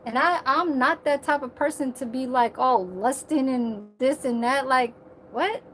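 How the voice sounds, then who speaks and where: A woman's voice: high voice, a little slow, a bit bright, a little hiss or hum. A woman in her thirties, ranting in a heated, profane, repetitive way on a casual livestream. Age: 30s.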